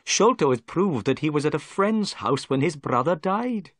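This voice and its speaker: A man's voice: on the high side, expressive, moderate pace, a bit bright, dry recording, clean studio sound, voice pushed up. A man voicing a humbled middle-aged police inspector in a read-aloud story, polite and apologetic.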